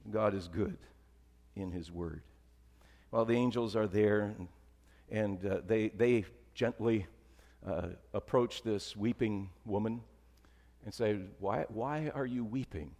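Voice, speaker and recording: A man's voice: fairly even intonation, takes it slowly, pauses often. Man preaching in a reverberant church. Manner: conversational preaching, dropping to soft emphatic lows. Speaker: pastor. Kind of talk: sermon.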